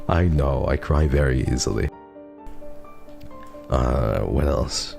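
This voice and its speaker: Very deep, gravelly man streaming. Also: slow, long pauses, over music. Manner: soft-spoken, earnest, often lapses into whispers; laughs often, gets teary while reading. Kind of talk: casual chat reading donations.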